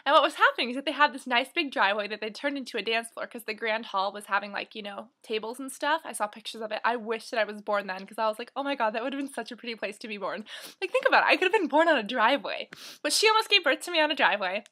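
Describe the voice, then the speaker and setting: Young woman, 19, bright forceful voice, a bit high, rambling vlog chat with lots of "um" and "like". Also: animated, racing. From United States. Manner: chatty and rambling, many fillers like "um" and "like". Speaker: beauty vlogger. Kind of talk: casual chat to camera. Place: at home, near the kitchen.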